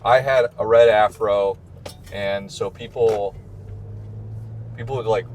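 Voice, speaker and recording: Midwest priest guy, lowish voice, telling stories in the car, bit of road noise. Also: steady tone, slow, a little mellow. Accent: American Midwest. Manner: chatty, storytelling with mimicked quotes. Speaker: priest and podcast host. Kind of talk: casual chat on a car ride.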